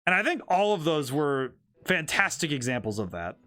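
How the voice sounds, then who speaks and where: Lively bright-voiced man streaming a game. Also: on the high side, moderate pace. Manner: rambling, thinking aloud with many restarts. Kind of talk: casual gameplay commentary.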